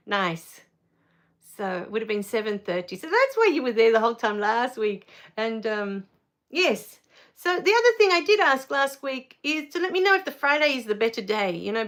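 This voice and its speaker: Middle-aged female streamer, casual and tearful, slightly high-pitched, reads chat aloud. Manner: chatty and emotional, easily moved to tears; relaxed with frequent fillers. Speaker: live stream host. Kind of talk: casual live stream chat reading viewer comments.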